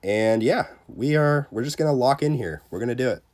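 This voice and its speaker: A man with a cold, sounding congested as he chats casually on a game livestream and reads viewer comments in a relaxed, rambling way. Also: medium pitch, brisk. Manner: relaxed, rambling, lots of fillers. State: sick, under the weather. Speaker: game streamer reading chat.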